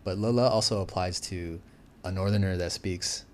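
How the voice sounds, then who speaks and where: Chatty, animated man, fairly low voice. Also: normal speed. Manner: animated, chatty, uses many fillers. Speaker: guest. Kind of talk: casual interview chat.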